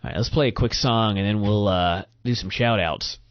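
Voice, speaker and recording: A man hosting a podcast, recapping a wrestling show in casual, profane, animated chat. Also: fairly low pitch, moderate pace. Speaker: podcast host. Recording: muffled lo-fi recording.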